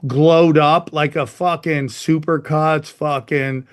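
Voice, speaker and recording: A man's voice: a little high, fairly even intonation, takes it slowly. A man hosting a podcast, talking in a blunt, profane, rambling way. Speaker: podcast host. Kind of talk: casual chat.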